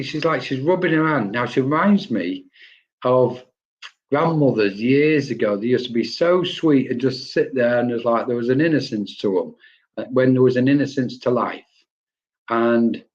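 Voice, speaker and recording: A chatty man talks through spirit readings on a live stream. He rambles, greets viewers by name and laughs easily, and his voice sits at an ordinary middle pitch. The audio is slightly dull and lo-fi. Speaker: medium giving spirit readings.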